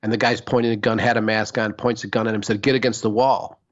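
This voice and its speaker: A man's voice: on the low side, level tone, fast talker, dull audio. A man co-hosting a podcast in casual chat, talking emphatically and swearing freely as he rambles from thought to thought. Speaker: podcast co-host.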